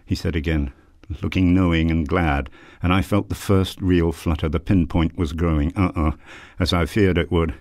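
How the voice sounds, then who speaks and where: A man reading his own literary memoir aloud in a measured, dramatic way. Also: low voice, steady tone, a little mellow, no echo, clean studio sound.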